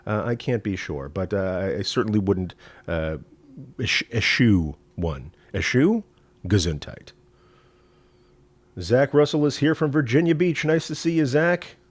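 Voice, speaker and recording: A rabbi from East Texas with a Southern accent, hosting a live-streamed teaching talk in a folksy, rambling way with many fillers. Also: male voice, lowish voice, animated, normal speed, dry recording. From East Texas, USA. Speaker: rabbi and show host.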